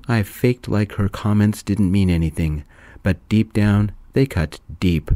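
Soft-spoken deep-voiced male storyteller. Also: measured pace, no room sound.

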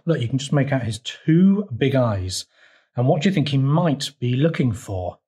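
Guy reading his kids' picture book out loud, gentle, points at the pictures, normal pitch. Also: animated, normal speed. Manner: gentle, pointing things out to children. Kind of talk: children's storytime read-aloud.

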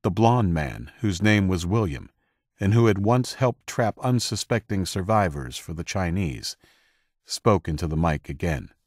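An audiobook narrator reads scripted narration in a deep, slow, darkish male voice with lively intonation. His storytelling is measured and dramatic, and the studio sound is clean with no room ambience.

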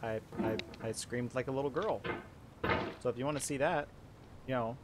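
A man's voice: mid-range voice, normal speed. A young man giving gameplay commentary, frustrated and repeating reassurances to himself. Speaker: gaming YouTuber. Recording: loud background noise.

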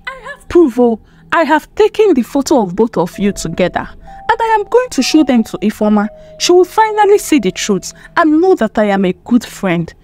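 A woman's voice: high-pitched, very animated, moderate pace, a little mellow. A woman with a Nigerian accent voicing a loyal young female friend, assertive and reassuring.

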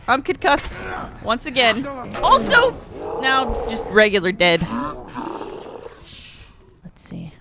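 High, lively woman gaming host. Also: takes it slowly, long pauses, noisy background. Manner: excitable, sarcastic, swears freely, yells at enemies. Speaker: let's play host. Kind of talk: gameplay commentary.

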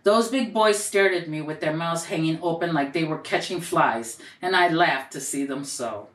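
A woman reading a children's picture book aloud in a gentle, expressive storytelling way, lifting her voice for the quoted lines. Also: low voice, normal speed. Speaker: storybook reader and educator. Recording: roomy echo, voice a bit far from mic.

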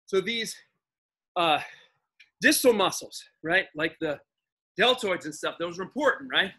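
A man's voice: sits high, lively intonation, measured pace, bright, forceful tone. A man coaching a live workout class, giving upbeat, encouraging cues and counting down reps while exercising along. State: slightly out of breath while exercising. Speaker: fitness instructor.

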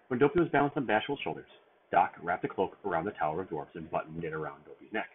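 A man's voice: low-pitched, fast, slight background noise. A man reading a storybook aloud at bedtime in a sing-song read-aloud manner, with small stumbles, over a tinny phone-like line.

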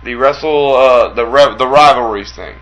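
A man at a mid pitch co-hosting a loose talk show. He pushes back sarcastically, swears freely and reads out listener questions. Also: moderate pace, a bit bright, highs cut off, faint music behind. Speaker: co-host. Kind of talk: casual podcast banter.

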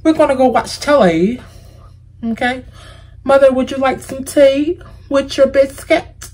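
A woman's voice: high voice, measured pace, a little mellow, distant mic, pitched above the performer's own voice, poor audio. An American woman putting on a prim British woman's voice, playful and mock-posh.

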